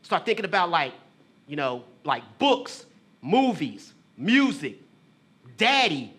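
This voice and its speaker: Bright-voiced man telling a confessional story. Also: a little high, big pitch swings, husky. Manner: casual street talk, addressing a brother with "bro" and "man"; emotional, confessional, halting. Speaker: theater artist and poet. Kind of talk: theatrical storytelling monologue.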